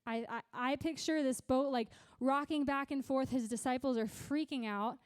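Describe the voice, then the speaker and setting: A young adult woman giving a youth sermon, chatty and animated, with lots of "like" and "right?" tag questions. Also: sits high, no echo. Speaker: youth pastor.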